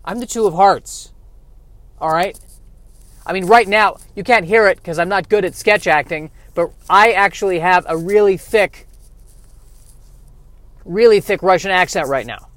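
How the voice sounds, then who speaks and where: A man's voice: high-pitched, a little slow, pauses often, fairly bright tone, no room sound. A man voicing a tough, boastful talking playing card who brags indignantly. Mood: bragging. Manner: indignant bragging.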